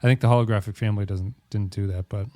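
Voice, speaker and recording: A man's voice: lowish voice, steady tone, fast talker, dark tone, no room sound, studio quality. A man co-hosting a podcast in casual chat, rambling with many restarts and laughing easily. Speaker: podcast co-host.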